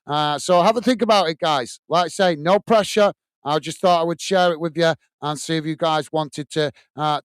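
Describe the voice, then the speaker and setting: A man from the United Kingdom, his voice on the high side, clear and resonant with no room sound, hosts a football watch-along from a home studio room. In a friendly, chatty way he reads and thanks viewers' comments by name, with lots of fillers.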